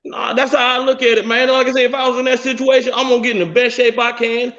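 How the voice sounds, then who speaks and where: Male caller, high voice, blunt rambling rant, muffled lo-fi audio. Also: little pitch movement, fast talker, fairly bright tone. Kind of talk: heated call-in rant.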